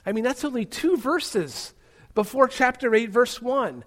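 A man with a high voice preaches a sermon from the pulpit. He presses hard on key words, then drops into hushed, low phrases before building up again. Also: animated, unhurried. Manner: emphatic, swinging between loud stresses and hushed low words. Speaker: pastor.

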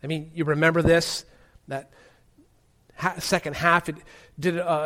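A man with a high voice preaches a sermon from the pulpit. He presses hard on key words, then drops into hushed, low phrases before building up again. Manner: emphatic, swinging between loud stresses and hushed low words. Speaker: pastor.

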